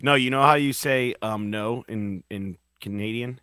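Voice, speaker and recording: A man's voice: mid-range voice, measured pace, sharp tone, smooth, dry recording. Joking, rambling male podcast host. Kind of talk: casual chat over video call. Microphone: video call.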